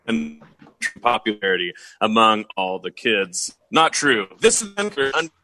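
A man's voice: fairly low pitch, huge pitch swings, unhurried, vocal fry, pushed and bright, rough recording. A man co-hosting a radio talk show, joking easily with his co-host and addressing listeners as folks. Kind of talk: casual radio talk chat. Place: studio.

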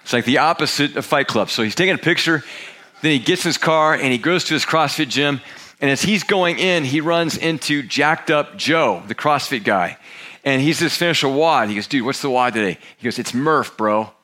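In a church auditorium, a middle-aged pastor preaches a sermon, telling a story animatedly and acting out the voices of its characters. His voice is a little high and moves at a moderate pace.

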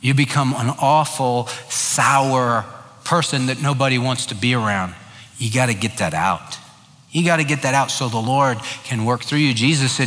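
Emphatic pastor preaching in an echoing hall. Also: male voice, mid-range voice, moderate pace, a bit bright. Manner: emphatic, repeats key phrases. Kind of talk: sermon.

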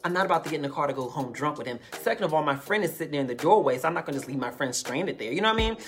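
A woman telling a personal story in a casual, animated way, calling the listener baby and honey. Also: low-pitched, very fast, over music.

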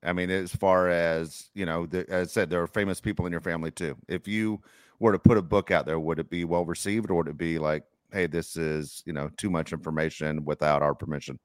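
A man co-hosting a podcast, asking casual questions with halting restarts. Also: low-pitched, steady tone, no room sound, clean studio sound.

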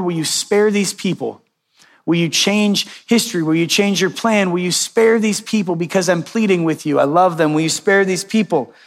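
A male pastor preaching a sermon, reading scripture and retelling it in a conversational way with lively quoted voices. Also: high-pitched, in a large hall.

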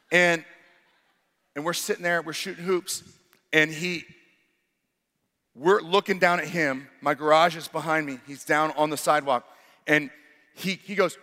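A man, a pastor, preaching a sermon that swings from loud exclamations to hushed, intimate passages. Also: fairly high pitch, steady tone, normal speed, pauses often, big-room sound.

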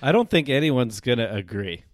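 A man's voice: mid-range voice, very animated, normal speed, no echo. A man co-hosting a casual chat podcast who teases the others with short, dry replies. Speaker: podcast co-host.

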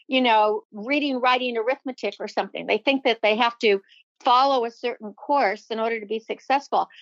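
A woman with a bright, high voice gives an eager, motivational interview from her home library. The sound is close and dry with no room around it. The line is a little muffled and lo-fi. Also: no echo. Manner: effusive and upbeat, motivational. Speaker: podcast guest, motivational speaker. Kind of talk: enthusiastic interview talk. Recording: dull, lo-fi sound.

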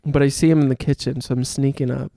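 A man's voice: mid-range voice, level tone, quick pace, creaky, dark tone, no room sound, studio quality. A young man telling a long story in casual chat, swearing often and laughing as he goes.

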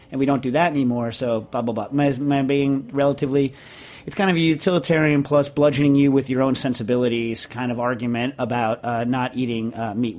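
A man's voice: medium pitch, darkish tone. A man with a New York accent hosting a radio talk show, rambling and joking with lots of fillers.

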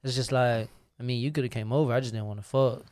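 Young man, casual podcast banter, storytelling with acted-out quotes, smooth tone. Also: medium pitch, fast talker. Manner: slangy, animated storytelling, acts out quotes.

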